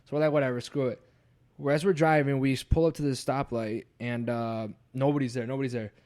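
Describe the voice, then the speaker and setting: A man's voice: mid-range voice, a little fast. A young man telling a ghost story casually on a podcast, swearing often and acting out the voices of his friends. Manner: swears a lot, animated when acting out quotes. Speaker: podcast host.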